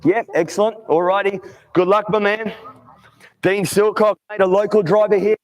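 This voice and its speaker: Young drivers on the grid at a night kart race get interviewed by an announcer whose voice sits high, with fairly even intonation at normal speed. Calling everyone mate, he comes across chummy and upbeat.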